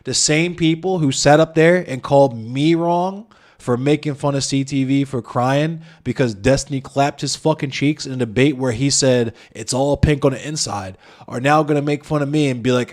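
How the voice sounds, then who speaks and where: A man's voice: medium pitch, moderate pace, a little mellow. A young man streaming, ranting in a heated, passionate and profane way. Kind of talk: heated casual stream talk.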